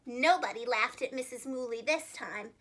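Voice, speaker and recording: A young woman, a preschool teacher, reading a children's storybook aloud with an expressive delivery. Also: on the high side, normal speed.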